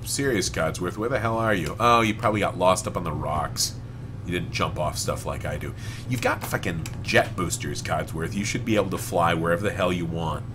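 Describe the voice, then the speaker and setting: A man with a lowish voice rambles through let's-play commentary, joking and cursing as he plays. Faint noise sits under his voice. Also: fairly quick. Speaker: gamer.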